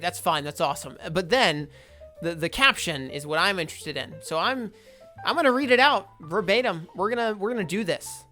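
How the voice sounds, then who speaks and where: A woman's voice: medium pitch, sharp tone. A young woman hosting a comedic commentary vlog, wry and sarcastic as she reads posts aloud. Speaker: YouTube host.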